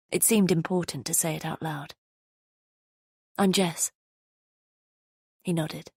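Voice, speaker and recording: A woman narrating a thriller audiobook in the first person, measured and tense. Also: deep voice, creaky, slightly rough, dry recording, clean studio sound.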